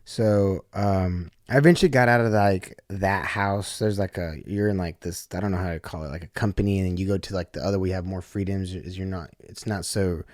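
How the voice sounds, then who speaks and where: A man's voice: low voice, fairly even intonation, fairly quick, few pauses, dry recording, studio quality. A man who is a podcast guest, telling a story in a blunt, profane, casual way with lots of "like". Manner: blunt, profane, heavy use of "like".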